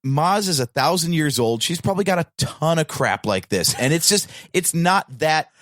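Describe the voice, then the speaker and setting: Lively man playfully arguing his point. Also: fairly high pitch, normal speed, dry recording, clean studio sound. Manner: argumentative, playfully defends points. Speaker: podcast co-host. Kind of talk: casual chat.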